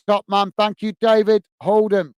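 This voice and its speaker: A man's voice: high voice, level tone, moderate pace, darkish tone, clean tone, dry recording. A man hosting a football fan livestream, casually reading out viewer comments in a friendly, chatty way, full of "uh" and "mate". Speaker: football channel host.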